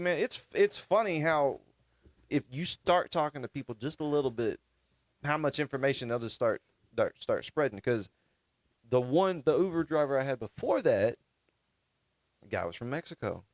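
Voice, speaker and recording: A man's voice: on the high side, expressive, moderate pace, dry recording. A man co-hosting a podcast, telling long stories in a rambling casual way with many restarts. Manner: rambling storyteller, restarts often. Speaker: podcast co-host. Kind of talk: casual chat.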